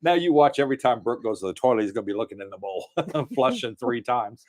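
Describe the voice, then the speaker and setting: A man with a medium-pitched, animated voice talks at a quick pace while hosting a casual livestream from his home in Thailand. He greets viewers by name and chats about the news.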